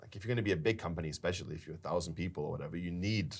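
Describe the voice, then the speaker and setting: Deep-voiced man telling a story. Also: racing. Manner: storytelling, animated retelling with laughs. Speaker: company founder and podcast co-host. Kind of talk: casual business chat.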